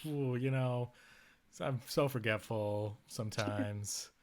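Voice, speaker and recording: A man's voice: medium pitch, slow pace, natural voice. A man putting on a fawning, forgetful street gangster in a bad New York accent, in a tabletop game. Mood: eager. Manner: hunched gangster swagger, eager to please.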